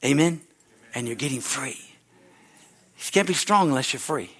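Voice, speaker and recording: A middle-aged man preaching a sermon as pastor, fervent and repetitive, rising to shouted exhortations. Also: mid-range voice, animated, moderate pace.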